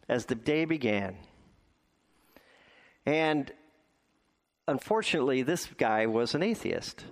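A man's voice: mid-range voice, lively intonation, takes it slowly, long pauses. A male pastor delivering a sermon in a folksy storytelling way.

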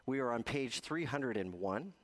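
Gentle man preaching a sermon. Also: medium pitch, expressive. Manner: gentle storytelling with slow pauses. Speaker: pastor.

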